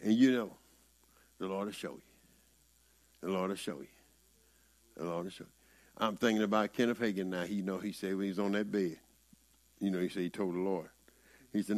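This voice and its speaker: A man's voice: low-pitched, fairly even intonation, a little fast, long pauses. A man with a Southern US accent, preaching a conversational sermon in a folksy, rising-and-falling way.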